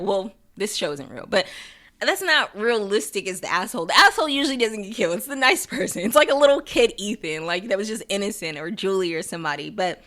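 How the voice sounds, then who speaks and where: A woman's voice: medium pitch, fairly bright tone. A young woman hosting a podcast, chatting casually through an episode recap, laughing often and acting out quotes. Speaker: podcast host.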